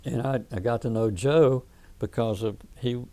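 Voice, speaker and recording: A man's voice: mid-range voice, normal speed, mellow. A man in his eighties with a Southern US accent, telling rambling stories in an oral history interview, often restarting his sentences. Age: 80s. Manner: rambling anecdotal storytelling, frequent restarts. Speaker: veteran interviewee.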